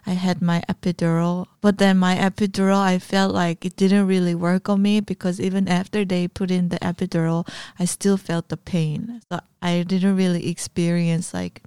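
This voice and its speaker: Female podcast co-host, smooth lowish voice, relaxed storyteller, dry close mic. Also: no room sound. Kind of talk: casual chat.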